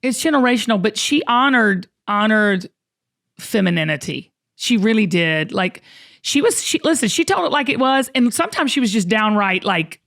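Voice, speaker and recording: A woman's voice: a little high, very animated, moderate pace, fairly bright tone. A woman in her fifties hosting an interview, chatty and full of restarts. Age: 50s. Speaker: podcast host. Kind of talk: interview conversation.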